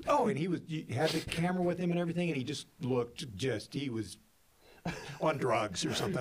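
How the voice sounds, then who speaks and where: A man casually telling funny work stories on a podcast, acting out what people said. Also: a little fast. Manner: animated, acts out quotes with big pitch jumps and laughs. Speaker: podcast co-host, filmmaker. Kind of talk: casual storytelling chat.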